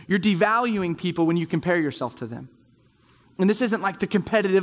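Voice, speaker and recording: A man with a high voice preaches in a conversational way to a roomful of men at round tables, slipping into quoted inner voices to make his points. His words carry a long hall reverb behind them. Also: animated, brisk. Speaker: speaker at a men's group. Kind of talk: sermon. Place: large room with round tables.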